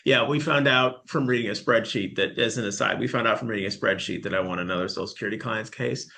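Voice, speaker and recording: A man in his late forties chatting casually, telling stories with animated reenactments and bursts of laughter. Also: lowish voice, fast talker, vocal fry. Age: 40s. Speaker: podcast guest. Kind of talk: casual chat.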